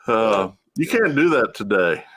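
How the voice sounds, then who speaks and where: A man's voice: fairly low pitch, big pitch swings, unhurried, fairly bright tone. A man on a casual group chat, telling an old workplace story in a laid-back way.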